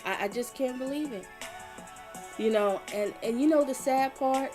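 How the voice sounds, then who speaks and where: A woman's voice: sits high, normal speed, over music. A woman giving casual live stream commentary, talking emphatically, repeating her points and reading viewer comments aloud.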